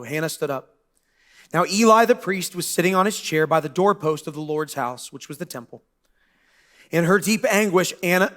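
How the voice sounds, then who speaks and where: Casual young male pastor, high-pitched, joking, church sermon. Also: a bit bright. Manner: casual, joking preacher with quick asides.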